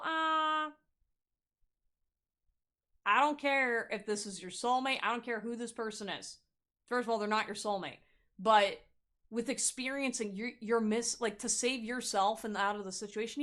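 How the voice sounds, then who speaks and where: A woman's voice: on the high side, fairly bright tone. Woman, young adult, tarot reader, casual, blunt, profane, laughing. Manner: blunt, swears, laughs often, acts out quotes. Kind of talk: casual pick-a-card tarot reading.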